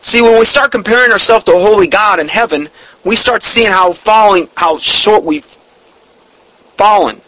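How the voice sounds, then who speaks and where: With a high-pitched, bright, forceful voice, a man preaches earnestly and emphatically, clearly moved by his subject. He slows down for scripture readings and definitions; the recording is low quality with no room sound.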